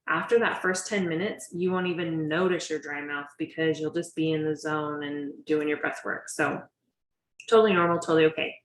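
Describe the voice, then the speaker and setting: A woman explains a breathing practice to students on a video call, talking in a casual, reassuring way with fillers and small laughs. Her voice sits a little low, and the room around her echoes noticeably. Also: a bit bright. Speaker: breathwork teacher. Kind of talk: casual instructional talk.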